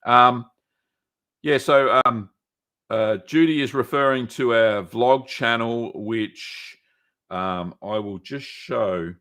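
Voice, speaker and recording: A man's voice: medium pitch, takes it slowly, fairly bright tone. A man hosting a casual live stream, answering viewer questions with many ums and restarts. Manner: rambling, many ums and restarts, reads chat aloud.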